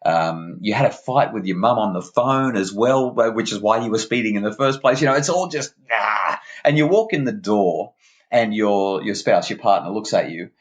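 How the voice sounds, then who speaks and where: A low-pitched man explains things in a lively, emphatic way, often stumbling over and repeating his first words. He talks as a guest on a conversational podcast. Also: normal speed. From Australia. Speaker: parenting expert guest.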